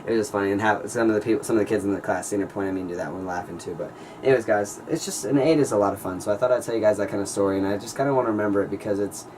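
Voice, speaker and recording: A teenage male high school senior telling a rambling, excitable story in a casual vlog, full of "like" and "you guys.". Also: rapid-fire, recorded from a distance, a little hiss or hum, rough recording. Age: teens. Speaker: vlogger.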